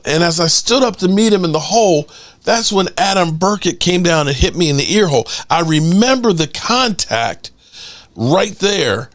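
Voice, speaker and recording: A middle-aged man hosting a casual livestream podcast, telling a story in an animated way, acting out quotes and swearing casually. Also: on the high side, measured pace. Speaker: podcast host.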